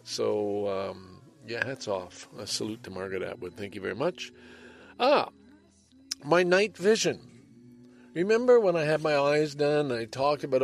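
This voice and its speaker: A man's voice: on the low side, moderate pace. Rambling older man. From Canada. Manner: rambling, swings between heavy and lighthearted. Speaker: podcast host. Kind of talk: casual monologue. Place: home, by a window.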